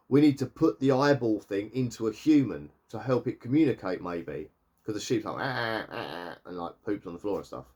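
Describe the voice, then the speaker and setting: A man talks through a TV episode in a loose, chatty recap. His voice sits a little on the low side, and he rambles and catches himself mid-sentence. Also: darkish tone. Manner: rambling, chatty retelling with quick self-corrections. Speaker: TV reviewer.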